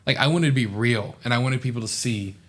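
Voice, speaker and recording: Fairly quick and a bit bright, his medium-pitched voice belongs to a young man from southeast Oklahoma. As a podcast guest and ex-student officer, he rambles in an earnest, heartfelt manner, peppering his casual interview answers with "like".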